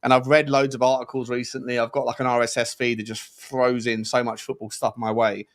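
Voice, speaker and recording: A man's voice: mid-range voice, little pitch movement, fairly quick. A man co-hosting a casual live football chat stream, talking in a rambling, chatty way with plenty of fillers. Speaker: co-host.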